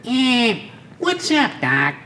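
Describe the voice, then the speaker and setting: A man's voice: very high voice, wildly swooping pitch, very slow, sharp tone, a little hiss or hum, pitched above the performer's own voice, heavily acted. A man voicing a cocky, smart-aleck male cartoon rabbit with a Brooklyn accent and a nasal drawl.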